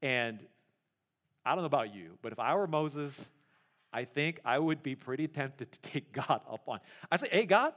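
A man preaching a sermon as pastor, animated and acting out the voices in the story, laughing at his own retellings. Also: mid-range voice, moderate pace.

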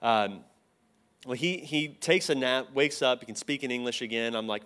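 A man's voice: mid-range voice, moderate pace. A man giving a casual storytelling sermon to a live group, acting out the voices in his anecdotes. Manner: animated, acts out both sides of dialogue. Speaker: speaker at a church teaching.

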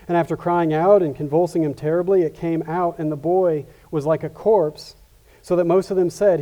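Man, pastor, sermon, earnest, mellow tone, slightly higher pitch, stumbling restarts. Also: moderate pace. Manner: earnest, with frequent restarts and repetitions.

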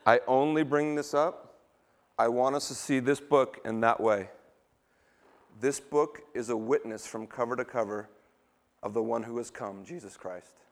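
A man's voice: medium pitch, unhurried. A middle-aged male pastor preaching a sermon, emphatic and quizzing the congregation with questions as he reads scripture.

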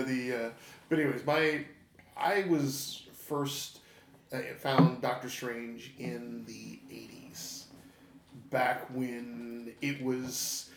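A man with a gravelly, creaky voice chats casually on a podcast, rambling with many fillers and little chuckles. His voice sits at a middle pitch. The room is echoey. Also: flat delivery, slow. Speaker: podcast co-host. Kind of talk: casual chat.

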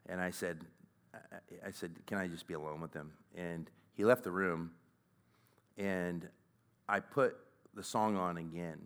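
Guy in his 40s telling a story at a conference, deep resonant voice, lots of um and like. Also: steady tone, fairly bright tone, clean tone. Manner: conversational, halting, with frequent fillers. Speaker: conference speaker. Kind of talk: personal storytelling talk.

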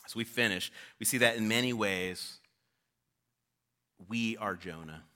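A man's voice: on the low side, measured pace, sharp tone. A male pastor preaching a sermon in an informal, conversational storytelling way.

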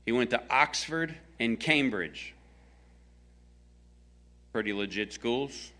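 A man's voice: mid-range voice, lively intonation, slow pace, sharp tone. A man from the American South preaching a conversational sermon, telling a story with jokes aimed at his congregation. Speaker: pastor.

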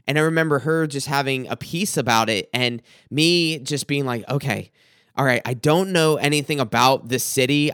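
A man's voice: mid-range voice, a bit bright, dry recording, clean studio sound. A young adult man, a student pastor, telling a personal dream story in a hesitant way, often restarting and repeating words.

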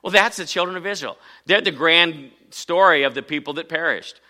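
Male pastor, forceful, sharp-edged voice, slightly high pitch, preaches emphatically and quizzes the room. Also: fairly quick. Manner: emphatic preaching, asks the congregation questions. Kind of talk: sermon. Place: church.

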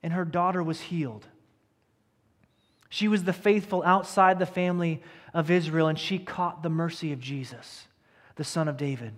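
A man preaching a sermon as pastor to his congregation, earnest and emphatic, sometimes sinking to a hushed tone. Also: on the high side, normal speed. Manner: earnest preacher, dropping to a hush at key lines. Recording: church hall with long reverb.

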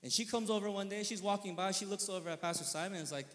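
A male pastor preaching a conversational sermon, earnest and probing, often checking in with listeners, moving from quiet reflection to sudden emphatic bursts. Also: sits high, fairly even intonation, very fast, hardly any pauses. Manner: earnest, often asking listeners with tag questions. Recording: long reverb of a large hall.

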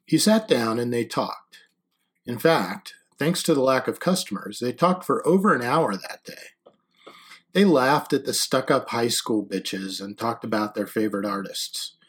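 A man narrating an audiobook in a measured, quiet storytelling manner. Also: medium pitch, husky.

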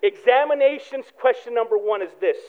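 A man preaching a sermon, telling a personal story with animated swings from hushed prayer to loud excitement. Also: very high-pitched, a little fast. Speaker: pastor. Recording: tinny phone-like sound.

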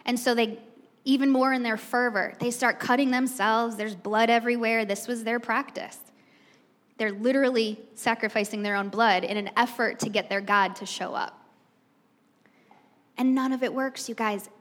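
Lady preacher, kinda high voice, casual storytelling, lots of hall echo. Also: fairly even intonation, normal speed, a bit bright. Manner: chatty storytelling, addresses the crowd directly. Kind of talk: conversational sermon. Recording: long reverb from a hall.

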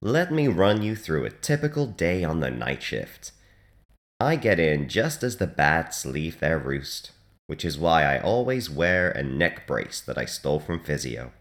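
A man hosting a comic hospital radio show in a dry, deadpan monologue with sudden loud jumps. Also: extremely low pitch, unhurried.

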